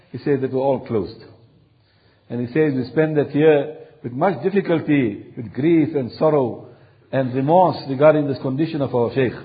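A man's voice: mid-range voice, phone-quality sound. A male preacher telling a long religious story in a sermon, solemn, repeating phrases for emphasis.

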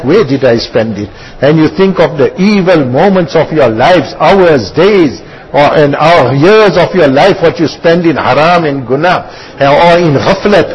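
A man's voice: a little high, slightly rough. A man giving a sermon, explaining verses line by line and repeating words as he searches for them. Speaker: religious speaker. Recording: dull lo-fi recording.

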